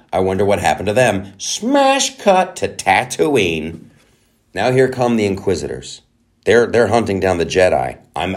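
A man hosting a comedy podcast, ranting mockingly through a show recap and popping into quick put-on voices. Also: deep voice. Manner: animated, mocking, does quick character voices. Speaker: podcast host.

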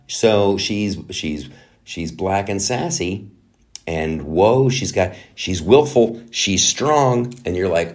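A man hosting a comedy podcast, ranting mockingly through a show recap and popping into quick put-on voices. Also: lowish voice. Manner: animated, mocking, does quick character voices. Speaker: podcast host.

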